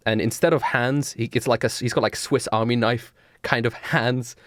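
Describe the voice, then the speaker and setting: A man narrating a tabletop game as game master, casual and halting. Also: medium pitch, fairly even intonation, fairly bright tone, dry recording, studio quality.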